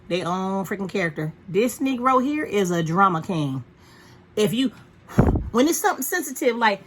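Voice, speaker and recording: A woman's voice: on the high side, fairly bright tone. A woman vlogging from home in a frank, profane, chatty way about caring for her dog. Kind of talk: casual rambling chat.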